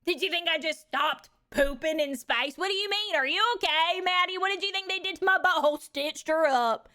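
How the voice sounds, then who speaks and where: A woman's voice: extremely high pitch, brisk, pushed and bright, voice pushed up. A woman playing a brash, crude Texan woman trucker back from space, drawling and calling everyone baby, for a live stream. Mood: cheeky. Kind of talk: live-stream character bit.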